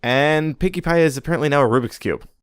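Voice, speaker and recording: A man's voice: on the high side, quick pace, smooth, dry recording, clean studio sound. A man co-hosting a podcast, running through toy news in a casual chat and slipping in puns. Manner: reads news items, jokey puns. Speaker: podcast co-host.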